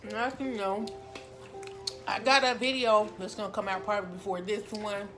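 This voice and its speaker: A woman's voice: mid-range voice, steady tone, normal speed, a bit bright, soft background music. A woman hosting a casual eating vlog at home, rambling and chatty, recorded on a phone. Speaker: mukbang vlogger.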